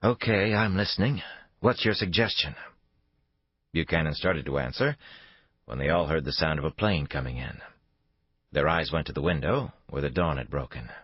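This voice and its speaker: Low, husky male audiobook narrator. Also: normal speed, no echo, highs cut off. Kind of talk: scripted narration.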